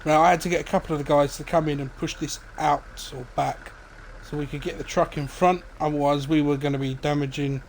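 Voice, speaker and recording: Speaking briskly over a faint hiss or hum, a man with a voice on the high side streams a farming game. His laid-back let's-play chatter wanders, with plenty of filler words and asides.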